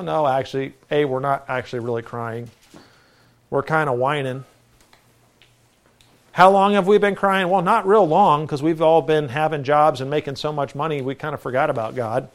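A man's voice: a little high, moderate pace, long pauses. A middle-aged male pastor preaching a folksy, conversational sermon with self-deprecating asides.

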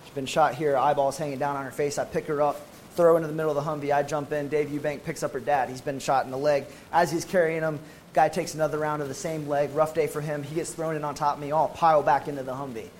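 Animated American man telling a war story. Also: fairly high pitch, quick pace, slight background noise, poor audio. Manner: animated, emphatic storytelling with casual slang. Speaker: former Marine medic telling his story. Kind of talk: personal testimony to an audience.

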